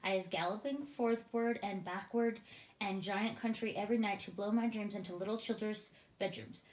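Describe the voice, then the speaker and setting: Brief: gentle friendly male giant who mangles words, storybook read-aloud, done by a woman, echoey room. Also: medium pitch, moderate pace, close to an everyday voice. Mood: calm. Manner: jumbled grammar, made-up words. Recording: roomy echoing room.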